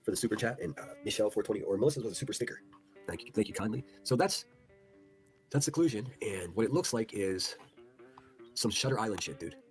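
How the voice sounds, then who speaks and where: Casting note: quick, low-voiced male streamer, swearing and disbelieving, faint guitar music underneath. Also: lively intonation. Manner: profane, incredulous, reads chat posts aloud. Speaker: livestream host. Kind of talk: casual livestream commentary.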